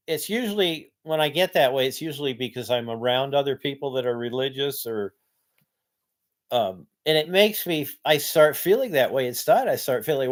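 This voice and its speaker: Rambling man in his sixties, halting and ranting. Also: medium pitch, lively intonation. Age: 60s. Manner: halting, many restarts, rises to loud ranting. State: tired, worn out. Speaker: vlogger. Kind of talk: casual rambling monologue.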